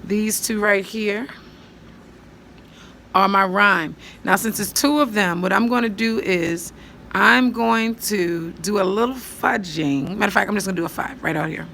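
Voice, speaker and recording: A woman teacher patiently walking students through writing a poem, counting syllables aloud and thinking out loud as she writes. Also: mid-range voice, measured pace, gravelly, slight background noise. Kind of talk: step-by-step poetry lesson.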